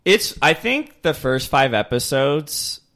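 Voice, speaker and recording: A man co-hosts a casual podcast chat, his voice swinging up and down in a lively way. He rambles, with plenty of "like" and "you know" between his thoughts. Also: on the high side, slow. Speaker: podcast co-host.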